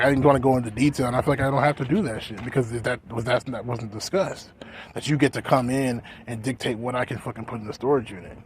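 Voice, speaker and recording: Man, casual vlog rant, rambling, swearing, mumbles then bursts out, faint hiss behind. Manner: profane, rambling, keeps saying "you know what I'm saying"; swings between mumbling low and loud outbursts. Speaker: vlogger.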